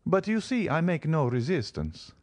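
A man's voice: a little high, wildly swooping pitch, moderate pace, dry recording, voice pushed up. A man voicing a reserved, courteous count with formal, restrained politeness in an audiobook reading. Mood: courteous, guarded.

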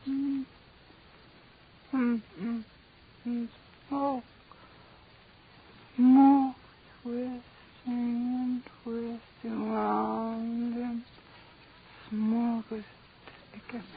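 An actress playing a delirious, dazed captive wife in a 1940s radio horror play. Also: female voice, fairly high pitch, fairly even intonation, a little hiss or hum. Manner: dazed, dreamy, drawn-out. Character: delirious young wife held captive, raving. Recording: dull 1940s radio broadcast.

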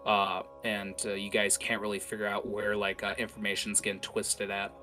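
A man's voice: on the low side, monotone, moderate pace, pushed and bright, soft background music. A man narrating a tabletop game as game master, casually and with many fillers.

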